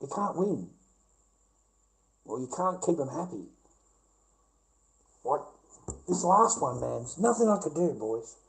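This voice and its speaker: A man's voice: on the high side, big pitch swings, takes it slowly, vocal fry, pauses often, low-quality recording. A middle-aged man with an Australian accent, telling a rambling, repetitive, profane story to camera. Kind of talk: casual rant to camera.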